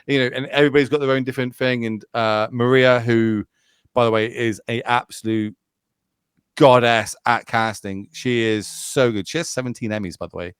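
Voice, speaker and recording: A man's voice: mid-range voice, steady tone, clear, resonant tone, no echo, studio quality. A man telling rambling stories as a podcast guest, casual and peppered with swearing. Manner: rapid, rambling storytelling with swearing. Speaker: podcast guest, Magic tournament caster.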